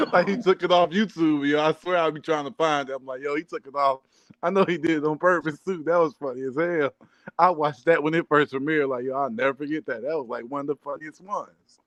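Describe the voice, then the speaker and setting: A man with a slightly high voice joins a casual chat, teasing his friend and breaking into loud laughs. The sound is dry and close, with no room around it. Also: fairly quick, dry recording. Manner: teasing, laughs loudly, reacts with exclamations.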